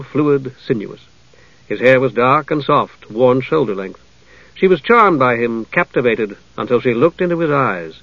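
Brief: male audiobook narrator, measured, mid-pitched, dull lo-fi dry recording. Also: no echo. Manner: measured storytelling. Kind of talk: scripted narration.

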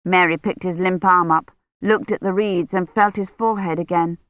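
A woman narrating a novel in a steady, even reading voice. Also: fairly low pitch, normal speed, no echo. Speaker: audiobook narrator. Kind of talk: scripted narration. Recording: dull lo-fi recording.

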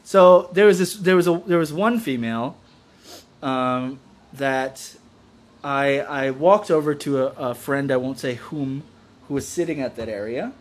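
A man's voice: medium pitch, measured pace. A man chatting casually and joking on a podcast, rambling and tossing in silly voices, with drinks going. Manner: rambling, jokey, slips into silly put-on voices for quotes. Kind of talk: casual comedic chat.

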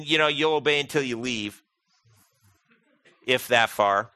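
A man preaching a sermon as pastor, animated and humorous, acting out quoted voices. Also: a little high, measured pace, long pauses, clean tone, no echo, clean studio sound.

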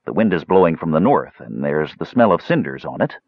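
A man voicing a calm, somber half-elf wanderer who speaks slowly and steadily, trying to sound soothing. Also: rumbling low, slightly rough, no echo, voice pushed down, full character voice. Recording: dull dry lo-fi recording.

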